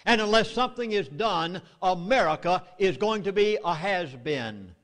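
A man's voice: high-pitched, expressive, moderate pace, a bit bright, long reverb tail. A middle-aged man with a Southern US accent gives a public speech at a meeting, delivering urgent, emphatic warnings. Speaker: speaker addressing a meeting.

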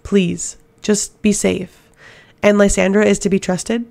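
A woman's voice: mid-range voice, little pitch movement, a little slow, creaky, darkish tone. A woman voicing a hot-headed, protective young male warrior who talks in a brash, demanding way, in an audiobook. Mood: worried.

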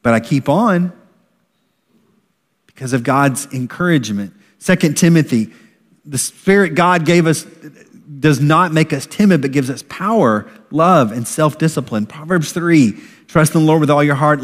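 A middle-aged man preaches in a church sanctuary, his voice sitting a little high for a man. He is animated and expressive, breaking into acted voices to make his point. The sound carries a long reverb from the large hall. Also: normal speed. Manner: animated, acts out shouted parent voices. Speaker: pastor. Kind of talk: sermon.

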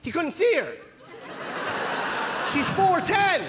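A man doing stand-up comedy on a theatre stage with a handheld mic, telling animated, profane stories. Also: very high voice, takes it slowly. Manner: animated storytelling, swearing freely. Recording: big hall with loud crowd and noise.

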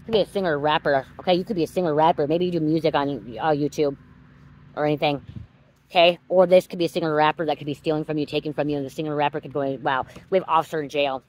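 A woman's voice: deep voice, fairly even intonation, fast talker, darkish tone, slight background noise, rough recording. A woman giving a psychic reading straight to her viewers, emphatic and repetitive, swearing freely and getting worked up as she goes. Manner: gets worked up and heated. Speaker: psychic card reader.

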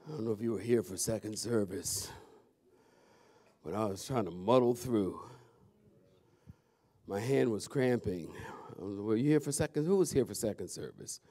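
A man's voice: on the low side, moderate pace, long pauses. A man, a pastor talking casually and animatedly to his congregation in a church. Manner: chatty and animated, calls out to the audience. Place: church sanctuary.

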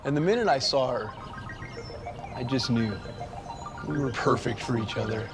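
Guy hosting a comedy web show, gravelly voice, dry mocking tone, laughs at his own jokes. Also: medium pitch, normal speed, over loud music. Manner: wry, mocking, chuckles through his jokes. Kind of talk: sardonic comedic commentary.

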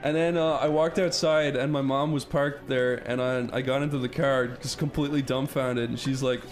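A young man chatting casually over a video game, telling stories and jumping into shouted voices when quoting people. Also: medium pitch, fairly even intonation, moderate pace. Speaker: let's play commentator. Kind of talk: casual gaming chat with storytelling. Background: game music.

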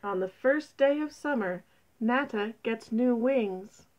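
A woman voicing a female toad, a weary know-it-all who speaks in a flat, matter-of-fact way. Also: on the high side, slow. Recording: dull lo-fi recording.

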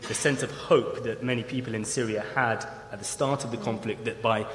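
A man moderating a festival panel, framing questions haltingly with frequent restarts. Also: medium pitch, steady tone. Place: large festival hall. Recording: roomy echo and long hall reverb, faint noise.

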